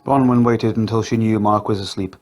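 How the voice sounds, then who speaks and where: Male audiobook reader, lowish voice, calm steady delivery. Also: a little fast, faint music behind. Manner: quiet, steady storytelling. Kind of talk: scripted narration.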